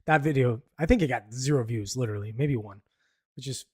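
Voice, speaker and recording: A man's voice: medium pitch, a little fast, darkish tone, slightly rough, no room sound, studio quality. Blunt rambling Canadian podcast man. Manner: rambling, blunt, swears casually, laughs at own jokes. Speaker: podcast host. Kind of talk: casual live-stream commentary.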